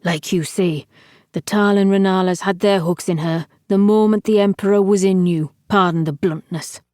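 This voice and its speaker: A woman's voice: mid-range voice, steady tone, moderate pace, dark tone, dry recording, studio quality, natural voice. A woman reading an audiobook, voicing a crude, blunt old male falcon who mocks and swears. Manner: crass, blunt, mocking.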